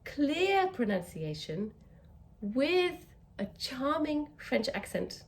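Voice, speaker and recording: A woman's voice: high-pitched, sing-song, slow pace. English woman coaching with emphatic stresses. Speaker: communication skills coach. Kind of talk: teaching to camera.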